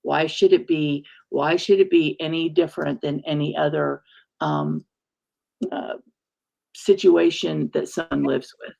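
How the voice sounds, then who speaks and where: A woman with a heavily gravelly, creaky voice talks in a warm, halting conversational way. She pauses often and searches for her words. She sounds like a minister sharing something personal on a talk show. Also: sits low, animated, dull audio. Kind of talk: casual heartfelt conversation.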